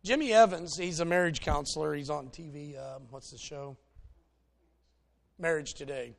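A man's voice: fairly high pitch, normal speed, creaky. A man preaching a conversational sermon in a folksy, plainspoken way, telling stories to make his points.

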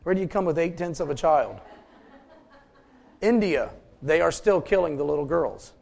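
A man's voice: fairly high pitch, expressive, moderate pace, vocal fry, darkish tone. A man preaching a sermon, joking with his congregation between points. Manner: folksy, joking asides to the congregation. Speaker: pastor.

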